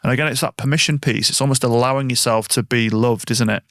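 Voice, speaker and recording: A man hosting a podcast interview, talking in a reflective, anecdotal way with long, drawn-out phrasing. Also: medium pitch, fairly even intonation, a bit bright. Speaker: podcast host. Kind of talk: conversational interview.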